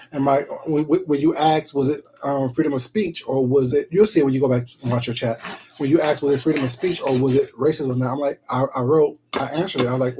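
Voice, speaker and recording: A man's voice: medium pitch, noisy background. A man live-streaming himself eating, chatting casually and greeting viewers in the chat with pet names like "baby" and "sweetheart".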